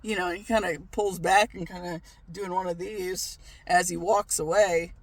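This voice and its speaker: A man's voice: high-pitched, steady tone, moderate pace, no echo. A man telling a story in a casual vlog, ranting, swearing freely and laughing often. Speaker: vlogger.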